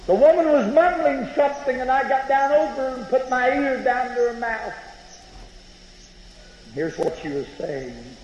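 A man preaching a revival sermon, telling a story with dramatic swings between loud outbursts and hushed near-whispers. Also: very high voice, lively intonation, normal speed, lo-fi sound, slight background noise. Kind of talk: sermon testimony. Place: large revival tent. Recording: echoey tent with long reverb.

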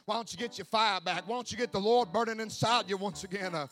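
A man preaching a sermon who swings between hushed asides and shouted, sing-song preaching cadence. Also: high voice, quick pace. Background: faint music from an accompanist.

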